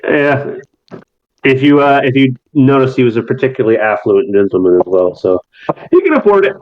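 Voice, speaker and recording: A man's voice: medium pitch, very animated, a little fast. A man narrating as game master, loose and chatty, with plenty of fillers, on slightly muffled audio.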